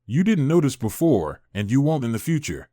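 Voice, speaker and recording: A man voicing a calm, self-justifying unfaithful wife in a told story, with a measured, even delivery. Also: mid-range voice, no echo, clean studio sound. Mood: calm pleading. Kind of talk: storytelling narration.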